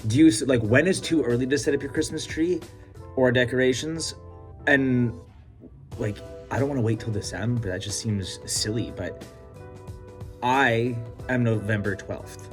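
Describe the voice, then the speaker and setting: A man's voice: mid-range voice, moderate pace, soft background music. A young man vlogging, telling stories in a loose, chatty way full of casual swearing. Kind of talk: casual vlog storytelling.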